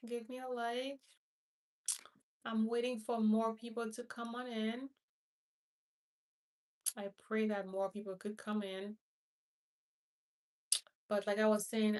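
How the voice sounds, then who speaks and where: A Haitian hospice nurse hosts a casual livestream chat, rambling, repeating herself, and greeting viewers by name. Her voice is fairly high and sounds recorded from a distance.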